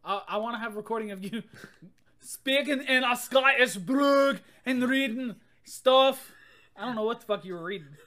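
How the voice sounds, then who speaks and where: Bright-voiced man in podcast banter. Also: very high voice, moderate pace. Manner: laughing, loose banter. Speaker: podcast co-host. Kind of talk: casual chat.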